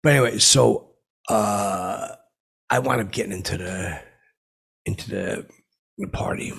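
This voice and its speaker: A man doing a gravelly belligerent washed-up blowhard. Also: on the low side, fairly bright tone, exaggerated voice. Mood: rambling. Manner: rambling, halting, full of fillers and restarts. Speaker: podcast host in character. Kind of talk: in-character comedy podcast monologue.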